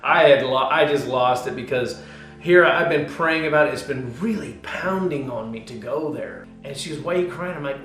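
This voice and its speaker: A man, a pastor, telling his life story in a casual interview, animated and swinging between loud bursts and hushed, quiet moments. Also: a little high, normal speed, roomy sound, faint music behind.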